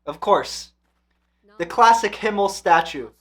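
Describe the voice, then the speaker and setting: A man hosting an anime reaction channel, talking casually and excitedly, swearing and swinging between hyped shouts and quiet reflection. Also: sits high, slow.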